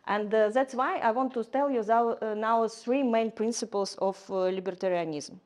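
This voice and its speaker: A woman giving a lecture in English, halting often with fillers and restarts. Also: a little high, a little mellow. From Ukraine. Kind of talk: lecture to a class.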